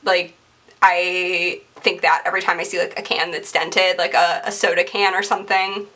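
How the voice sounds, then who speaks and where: A woman's voice: fairly low pitch, level tone, moderate pace, bright, forceful tone, recorded from a distance. A woman in her twenties chatting casually and rambling as she decorates a planner, full of fillers and asides. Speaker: planner vlogger. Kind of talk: casual chatty narration over crafting.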